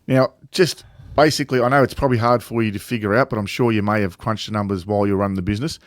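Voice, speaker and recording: A man with a low-pitched voice co-hosts a casual chat, often agreeing and drifting into rambling anecdotes. He is recorded dry and close. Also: fairly even intonation, fast, dry recording. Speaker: co-host.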